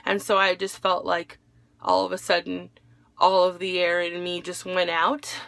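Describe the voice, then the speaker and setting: A woman's voice: fairly low pitch, monotone, unhurried, creaky, a bit bright. A young adult woman recounting a painful day in a personal vlog, emotional as she relives events and quotes the people she spoke with. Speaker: widow telling her story.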